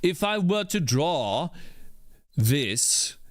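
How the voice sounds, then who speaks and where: A young man codes and thinks aloud, his pitch leaping up and down as he mutters and then snaps at the screen. He talks slowly, and the dry, close sound leaves no room echo. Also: big pitch swings. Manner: mutters to himself, frustrated outbursts and swearing. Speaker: indie game developer. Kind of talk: live coding commentary.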